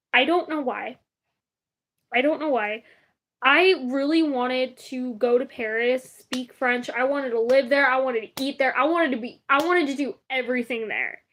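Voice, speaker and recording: A woman's voice: high-pitched, fairly bright tone. A young woman streaming live, chatting casually and rambling, often laughing. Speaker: livestreamer. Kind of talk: casual livestream chat.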